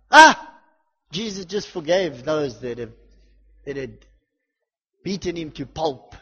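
A male preacher with a husky, slightly high voice delivers a fervent sermon, building repeated refrains and swinging from loud declarations to hushed intensity. His voice rings with a long church reverb on a dull, muffled recording. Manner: repetitive, builds lists and refrains.

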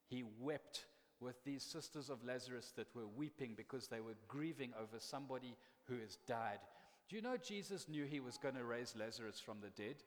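A man preaching a sermon in a church, earnest and conversational, shifting into animated bursts. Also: mid-range voice, moderate pace, in a large hall.

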